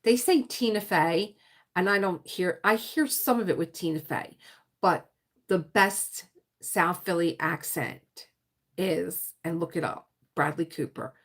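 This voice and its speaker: A woman with a South Philadelphia accent hosting a casual livestream chat, rambling with quick asides and laughter. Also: fairly low pitch. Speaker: livestream host.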